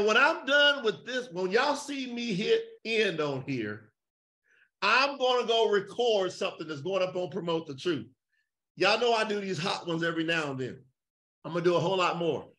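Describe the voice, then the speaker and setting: A man preaching fiery call-and-response over a video call, emphatic and shouting, firing rhetorical questions at his listeners. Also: high voice. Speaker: preacher leading an online gathering.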